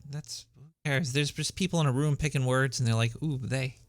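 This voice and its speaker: A man voicing a paranoid cartoon rat host with a shrill voice and a Brooklyn accent, rambling conspiratorially with many stumbling restarts. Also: steady tone, a little fast, no room sound, clean studio sound, natural voice. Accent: Brooklyn New York. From Brooklyn, New York. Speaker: podcast host. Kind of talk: rambling comedic monologue. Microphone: home setup.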